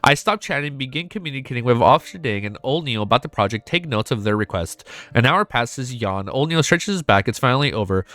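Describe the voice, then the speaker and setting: A man's voice: medium pitch, fairly bright tone, no echo. A man with a congested nose reading a webnovel aloud as a reaction streamer, swearing freely and breaking into emotional exclamations.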